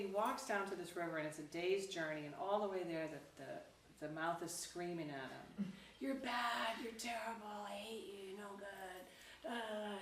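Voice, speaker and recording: A woman Zen teacher gives a dharma talk, casually telling a story and acting out quotes in a lively way. Her voice is on the low side, and she's recorded from a distance in a roomy hall with faint background noise.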